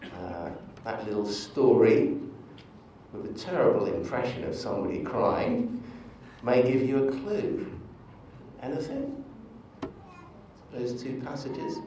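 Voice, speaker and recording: A man preaching in a church, speaking slowly in a relaxed, conversational way. His voice rings through the big room from a distant mic. A faint hum sits underneath. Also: mid-range voice. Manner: conversational, storytelling with asides. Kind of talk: sermon. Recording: echoey church from far off.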